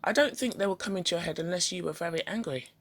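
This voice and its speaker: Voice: medium pitch, a bit bright, no echo. A reader doing a probing psychiatrist. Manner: questioning, measured.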